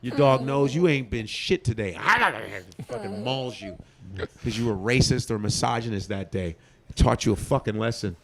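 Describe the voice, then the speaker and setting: A male comedian in a casual interview, ranting in a profane, animated way. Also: medium pitch, moderate pace. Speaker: comedian guest.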